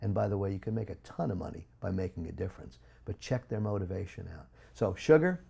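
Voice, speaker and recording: Gravelly, deep-voiced man, emphatic. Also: animated, quick pace. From United States. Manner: emphatic, preachy, with big swings in loudness. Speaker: guest speaker. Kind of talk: interview talk.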